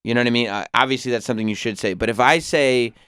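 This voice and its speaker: A man with a smooth, clear voice of middle pitch, co-hosting a talk radio show. He asks measured, probing follow-up questions, and the sound is dry and close. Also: a bit bright, no echo. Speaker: co-host.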